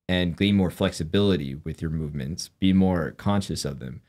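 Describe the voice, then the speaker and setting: A man with a very low voice, speaking as a guest in an interview. He explains things in an earnest, measured way. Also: a little mellow. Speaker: guest, former yoga practitioner. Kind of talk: interview conversation.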